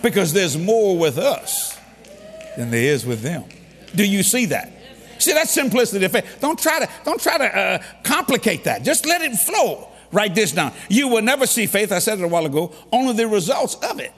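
Animated preacher with husky voice. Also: male voice, high voice, moderate pace, in a large hall. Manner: animated storytelling with humor and sudden shouts. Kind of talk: sermon.

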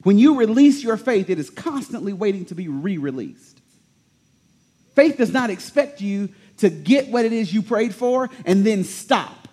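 A man preaching a sermon to a congregation, telling the story animatedly and repeating key words with slow emphasis. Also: sits high, expressive, a little mellow, breathy edge. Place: church in front of a congregation.

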